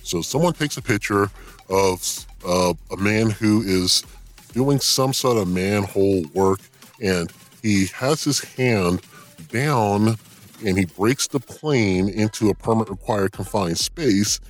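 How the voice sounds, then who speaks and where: A man's voice: on the low side, slow pace, soft background music. A man guest-hosting a podcast, talking casually and ranting bluntly with profanity and laughing asides. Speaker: guest host. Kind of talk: casual podcast monologue and rant.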